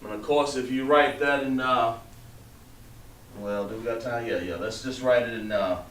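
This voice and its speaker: Patiently encouraging his students, a teacher trails off as he writes on the board, speaking at normal speed with a medium-pitched, fairly bright voice. The recording comes from a roomy, distant mic with background noise.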